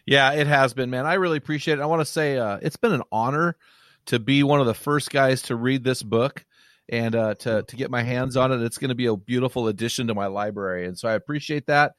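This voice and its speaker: A man's voice: mid-range voice, a little fast, a bit bright, no echo, studio quality. A man hosting a faith podcast, affirming his guest and plugging a book. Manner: affirming, appreciative, reads out plugs. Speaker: podcast host. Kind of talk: faith-based podcast interview.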